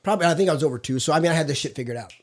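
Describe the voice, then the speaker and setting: A man's voice: a little high, racing. A middle-aged man co-hosting a recovery podcast, telling stories in a blunt, profane, casual way. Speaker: podcast co-host. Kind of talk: casual recovery group chat.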